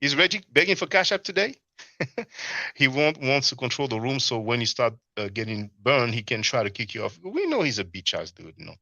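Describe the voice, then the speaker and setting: Scornful guy reacting to a stream n reading chat, sharp voice, dry lo-fi sound. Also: mid-range voice, very animated, fairly quick, no echo. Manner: scornful, mocking, repeats "you see?". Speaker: commentator reacting to a live stream. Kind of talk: casual commentary with chat reading. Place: abroad in Europe.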